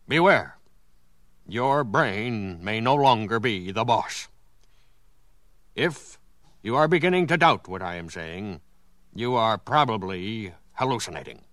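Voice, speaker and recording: Deadpan man narrating a mock film. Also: on the low side, a little slow, no room sound, clean studio sound.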